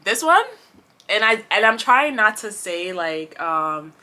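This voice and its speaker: A woman chatting to camera about books she read, rambling with many fillers and restarts, passionate and expressive. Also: medium pitch, takes it slowly. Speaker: booktuber. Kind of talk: casual chat to camera.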